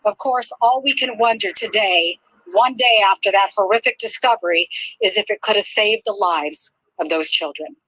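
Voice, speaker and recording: A woman news reporter delivering a scripted TV news report in a measured, sombre way. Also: medium pitch, fairly bright tone, dry recording, low-quality recording.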